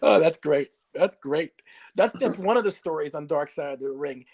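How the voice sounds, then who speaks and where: A man's voice: fairly high pitch, animated, moderate pace, a crowd in the background. A man hosting a podcast interview, asking questions and giving brief supportive responses. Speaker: podcast host.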